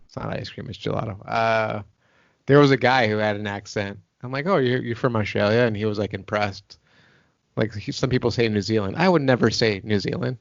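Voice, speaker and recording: A man's voice: fairly low pitch, a little fast, creaky, no room sound, muffled recording. An American man co-hosting a podcast, talking in a laid-back, tired late-night way. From United States. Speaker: podcast co-host. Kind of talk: casual podcast chat.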